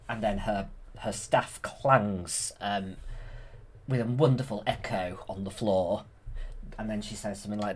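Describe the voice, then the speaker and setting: A man's voice: on the low side, a little slow, husky. A man hosting his channel, retelling a film from memory with enthusiasm and plenty of fillers and restarts. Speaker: channel host.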